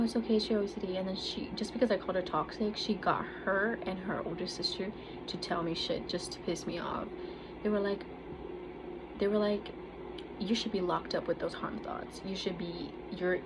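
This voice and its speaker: Young woman, casual confessional vlogger, blunt and profane, hiss of background noise behind her. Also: medium pitch. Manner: candid, swears freely, quotes others in animated voices. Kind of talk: casual personal storytelling. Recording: noisy background.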